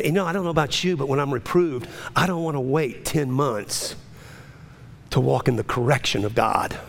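A man preaching a sermon as pastor, building with repeated phrases and rising fervor. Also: vocal fry. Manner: impassioned preaching with swelling pitch and repetition.

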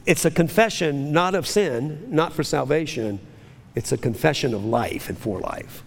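A man's voice: a little high, normal speed, creaky, long reverb tail. A pastor leading his congregation through a spoken confession of faith, declaiming in emphatic rising phrases.

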